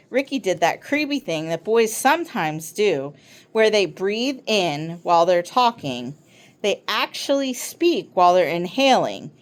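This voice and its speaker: A woman reading a children's novel aloud, with expressive storytelling. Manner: expressive storytelling with a lively pitch. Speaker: reader.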